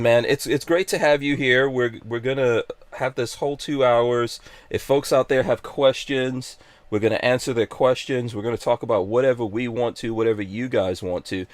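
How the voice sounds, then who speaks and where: A man's voice: medium pitch, dry recording. A man hosting a live podcast stream, chatting casually in an upbeat, joking, rambling way. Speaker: podcast host.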